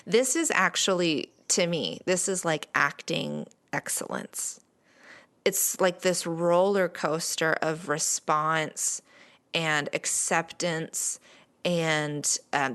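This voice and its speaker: A young woman talks through a TV episode in a casual podcast chat. Her voice sits a little low. She keeps it loose and chatty, with plenty of "um" and "like". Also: fairly bright tone. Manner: chatty, frequent fillers like "um" and "like". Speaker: podcast guest commentator.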